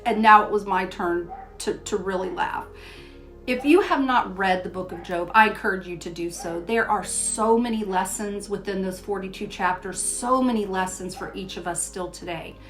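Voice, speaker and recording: An older woman hosting a Christian devotional show, telling a personal story in a gentle way and reading scripture aloud. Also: mid-range voice, normal speed, soft background music. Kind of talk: devotional storytelling and Bible teaching.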